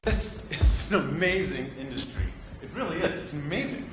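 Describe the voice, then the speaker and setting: A man's voice: on the high side, lively intonation, moderate pace, over music, lightly acted. A man performing a stage monologue as an earnest young male actor, confiding and at times exasperated. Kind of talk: theatrical monologue. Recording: echoey room with background noise.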